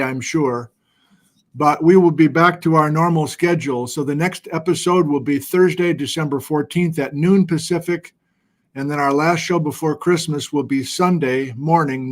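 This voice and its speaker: A middle-aged man with a slightly high voice hosts a casual livestream from a home studio. He chats loosely and pokes fun at himself while reading out viewer locations. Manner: chatty, self-deprecating, reads viewer locations aloud. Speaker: livestream host. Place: home studio with document camera.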